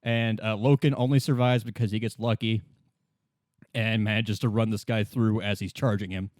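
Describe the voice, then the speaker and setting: A man's voice: lowish voice, steady tone, a little mellow, no room sound. Guy on a podcast retelling a book, rambly and giggly, dry close mic. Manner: rambling, laughing, acts out characters in quick voices. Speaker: podcast co-host. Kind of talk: casual retelling of a novel.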